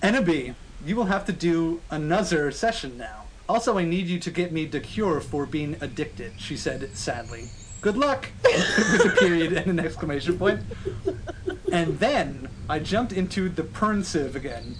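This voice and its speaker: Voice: mid-range voice, expressive, normal speed, background noise. A podcast co-host doing a comic dramatic reading of a story, stopping often for laughing asides. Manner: reads with frequent laughing asides.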